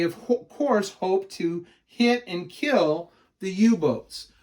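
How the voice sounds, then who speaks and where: A male history teacher giving a recorded lecture, repeating key notes and asking questions that he answers himself. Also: high voice. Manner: asks the class questions and answers them himself.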